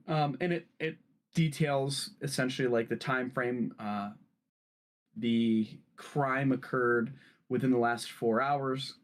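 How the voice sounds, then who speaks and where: A man's voice: medium pitch, takes it slowly. A man narrating a tabletop role-playing game as game master, in a casual way with many fillers.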